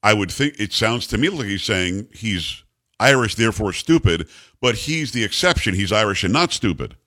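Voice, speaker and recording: A man's voice: lowish voice, moderate pace. A middle-aged American man hosting a talk radio show, sarcastic and opinionated as he riffs with his co-host. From United States. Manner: animated, sarcastic, riffing with a co-host.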